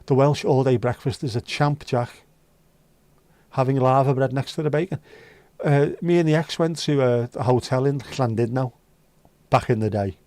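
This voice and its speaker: Speaking at a normal pace in a mellow, medium-pitched voice, a man runs a casual livestream from his room at home, reading viewer comments and chatting in a rambling, sweary, wry manner. The recording has no room sound.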